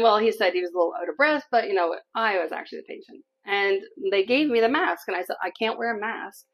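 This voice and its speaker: A woman's voice: mid-range voice, low-quality recording. Canadian lady vlogging, chatty and candid, mid-range voice, laughs as she goes. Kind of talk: personal story to camera.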